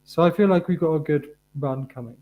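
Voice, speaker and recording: A man's voice: fairly high pitch, fairly quick, highs cut off. A man from the UK chatting on a podcast as a co-host, laying out his points in an earnest, methodical way. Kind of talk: casual podcast chat.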